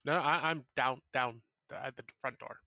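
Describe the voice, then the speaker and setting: Bright-voiced man playing a tabletop game. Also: mid-range voice, normal speed, no echo, clean studio sound. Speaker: player.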